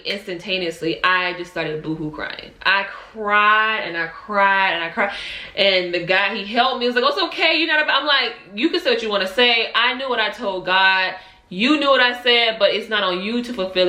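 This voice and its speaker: A woman's voice: on the low side, pushed and bright, roomy sound. A young adult woman, candidly telling an emotional personal story in a vlog. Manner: emotional, candid, Southern-tinged slang. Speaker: vlogger.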